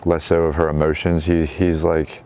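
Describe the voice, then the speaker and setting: A man's voice: very deep voice, little pitch movement, moderate pace, a little mellow, smooth. A man hosting his own show, casually retelling a story in slangy talk and quoting the characters as he goes. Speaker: show host.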